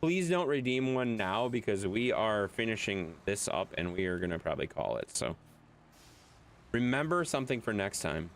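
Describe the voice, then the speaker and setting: Game streamer joking with chat, swears a lot, pitch jumps all over the place. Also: sing-song, moderate pace, slight background noise. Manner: loose and jokey, talking to chat, swears freely. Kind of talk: casual live-stream chat.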